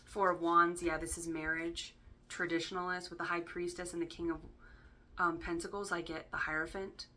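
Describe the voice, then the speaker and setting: A woman's voice: on the low side, little pitch movement, moderate pace, bright, forceful tone. A woman giving a casual spoken tarot reading in a chatty way, full of fillers and loose swearing, often checking in with "right?". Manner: chatty, filler-heavy, casually profane, keeps asking "right?". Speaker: tarot reader.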